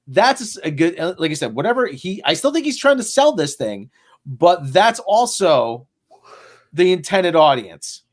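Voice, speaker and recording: A man talking casually on a live stream, animated and given to mocking asides. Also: high-pitched, moderate pace. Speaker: livestream co-host.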